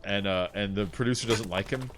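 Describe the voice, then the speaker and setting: A man's voice: lowish voice, a little fast, noisy background. A man streaming from home, chatting casually in a rambling way, often laughing and mimicking voices. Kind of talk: casual chat. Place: small room at home.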